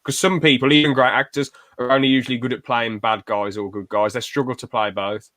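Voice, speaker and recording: A man co-hosts a casual podcast, chatting keenly and tossing in short quoted asides. His voice sits at an ordinary middle pitch. The recording is dry and close, with no room sound. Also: steady tone, a bit bright, dry recording. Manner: chatty, enthusiastic, quick asides with brief put-on quotes. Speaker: podcast co-host. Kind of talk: casual chat.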